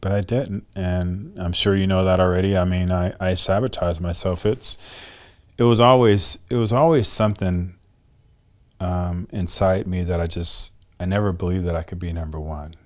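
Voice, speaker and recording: A man's voice: sits low, steady tone, normal speed. A middle-aged man, a former bodybuilder, speaking as an interview guest and telling candid stories with emphatic, acted-out dialogue and blunt swearing.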